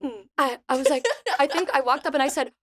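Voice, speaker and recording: A young woman co-hosting a podcast, telling a story in a lively way and acting out quoted lines with squeaky bursts. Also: fast talker, no room sound, clean studio sound. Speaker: podcast co-host. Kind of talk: casual chat.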